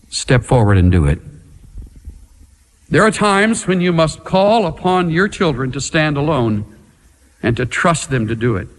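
Slow, lively-pitched preacher in a hall. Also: male voice. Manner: dramatic, emphatic preaching with slow pauses. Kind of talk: sermon.

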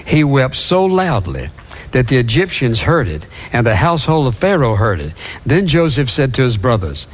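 A man's voice: mid-range voice, very animated, moderate pace. A man preaching a sermon, reading scripture and retelling it in a conversational way with asides.

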